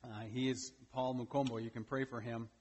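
A man's voice: medium pitch, flat delivery, fairly quick, a little mellow, big-room sound, a little hiss or hum. A man preaching a sermon during a morning church service, speaking emphatically and often tagging his points with "right?". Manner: emphatic preaching with frequent "right?" tag questions. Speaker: pastor.

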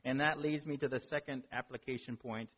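A man's voice: medium pitch, fairly even intonation, fairly quick, a bit bright, slightly rough. A man preaching a sermon as a pastor, earnest, with rhetorical questions and building emphasis.

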